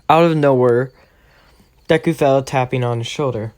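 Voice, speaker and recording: A man's voice: medium pitch, moderate pace, long pauses, darkish tone, smooth. A man casually narrating a fan story in a loose, rambling way full of filler words.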